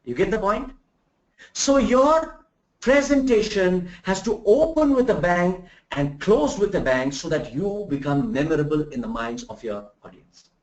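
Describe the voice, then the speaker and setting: Animated male trainer in a roomy room. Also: sits high. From India. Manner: animated, rhetorical questions, demonstrates examples. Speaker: soft skills trainer. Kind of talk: live remote lecture. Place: room in Bangalore. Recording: roomy, dull lo-fi sound.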